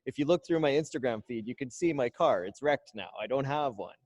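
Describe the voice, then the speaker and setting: A man from Canada hosting a podcast, talking in mock-earnest deadpan banter with halting restarts. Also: mid-range voice. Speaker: podcast host. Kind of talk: deadpan comedic interview banter.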